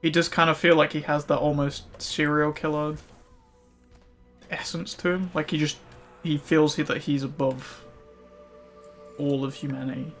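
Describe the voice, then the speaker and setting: A man's voice: a little high, little pitch movement, normal speed, long pauses, a bit bright. A male streamer chatting casually while he plays, rambling with lots of fillers. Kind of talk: casual chat while gaming. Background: faint music.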